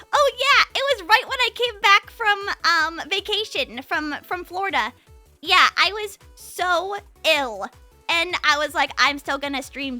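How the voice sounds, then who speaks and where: A woman streamer chatting casually with her viewers, energetic and rambling, often restarting her sentences, on a compressed studio mic. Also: very high voice. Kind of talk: casual live-stream chat.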